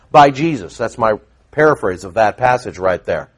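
A male pastor preaching a sermon, emphatic and animated, firing off rhetorical questions. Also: mid-range voice, moderate pace.

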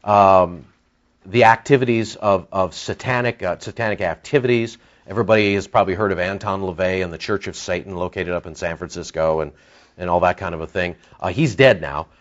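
A man's voice: deep voice, brisk. A man preaching a sermon with impassioned, emphatic delivery that rises into outbursts. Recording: dull lo-fi sound.

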